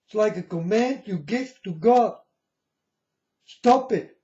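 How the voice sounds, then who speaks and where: A man's voice: high-pitched, lively intonation, takes it slowly, mellow. A man giving a preachy, lecturing monologue to his viewers, often turning to them as "folks" and asking if they understand. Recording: echoey room, dull lo-fi sound.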